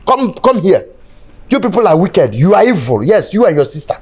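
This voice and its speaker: An actor with a Nigerian Pidgin accent playing a loyal, mouthy house servant who talks back defiantly. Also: male voice, sits high, very animated, moderate pace, darkish tone. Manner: accusing, defiant.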